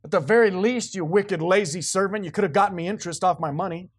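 A male pastor preaching a sermon, switching between quiet asides and loud, emphatic passages. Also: high-pitched, fast, slightly rough, dry recording.

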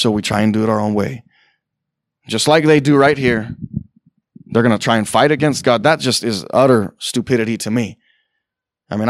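A man's voice: medium pitch, dry recording, studio quality. A man preaching a sermon to a congregation in a conversational way, with sarcastic asides and acted-out quotes. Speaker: pastor.

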